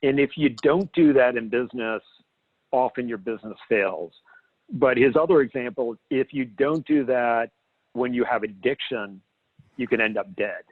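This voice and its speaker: A man with a mid-pitched voice speaks earnestly and thoughtfully, pausing on fillers as he works out his point. His voice is squeezed into a thin, phone-like band. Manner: earnest and reflective, many fillers. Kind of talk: casual roundtable chat. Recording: tinny phone-like line.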